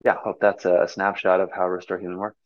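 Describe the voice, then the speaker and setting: Deep-voiced man explaining movement. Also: level tone, fast, dry recording, highs cut off. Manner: enthusiastic, explanatory, many fillers. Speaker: movement coach, guest. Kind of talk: conversational interview.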